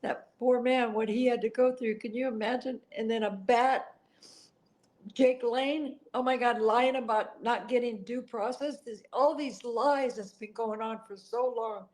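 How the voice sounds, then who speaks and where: A woman's voice: fairly high pitch, steady tone, unhurried, a little mellow, poor audio. A middle-aged woman answering interview questions in an earnest, emotional way, now and then apologizing for getting upset. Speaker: interview guest.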